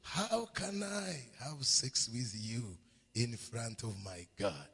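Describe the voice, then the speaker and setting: A devout young male slave who keeps repeating the same pleading question, acted by a preacher. The pitch leaps up and down widely and the voice is breathy. Long reverb trails behind it. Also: big pitch swings, slow, a bit bright, heavily acted.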